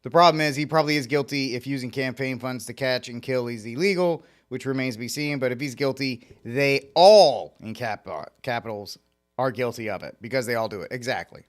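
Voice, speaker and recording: A man hosting a talk radio show, commenting with animated, sarcastic asides. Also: medium pitch, a little fast.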